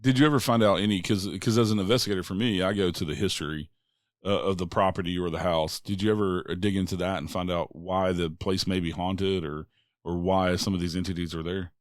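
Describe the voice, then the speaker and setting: Very deep-voiced man asking questions. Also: steady tone, fairly quick, dry recording, studio quality. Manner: curious, probing questioner. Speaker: podcast host and paranormal investigator. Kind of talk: casual interview questions.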